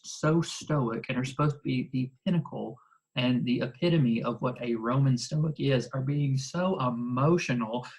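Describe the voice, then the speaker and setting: A teacher giving a casual, animated recorded lecture, leaning on "like" and tossing in exasperated asides. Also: medium pitch, rough recording. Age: adult. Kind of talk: recorded lecture explaining a play.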